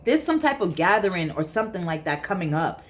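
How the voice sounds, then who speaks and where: Blunt, lower-voiced woman reading tarot. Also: very animated, brisk, a little hiss or hum. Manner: emphatic, repeats herself, blunt with profanity. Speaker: tarot reader.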